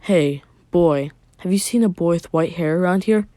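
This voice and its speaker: A man's voice: high-pitched, moderate pace, dark tone, no echo, studio quality, lightly acted. A man voicing an old white-haired male ninja who pleads with his godson. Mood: pleading.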